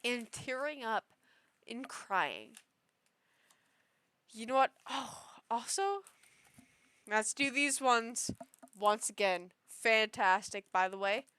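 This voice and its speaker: Young woman, vlogger, high lively voice, bright tone, excitable and gushing, slow unhurried talk, dry close sound. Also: clean tone, no room sound. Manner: gushing, excitable, squeals over cute things. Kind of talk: casual chat.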